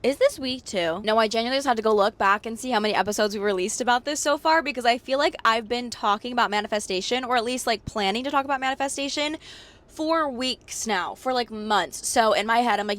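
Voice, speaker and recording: A young adult woman hosting her own podcast in a bubbly, slangy, rambling chat. Her voice is a little hoarse and cracks from a cold. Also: fairly quick, a bit bright. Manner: bubbly, slangy and rambling, swinging pitch up and down for emphasis. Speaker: podcast host. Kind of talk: casual solo podcast chat.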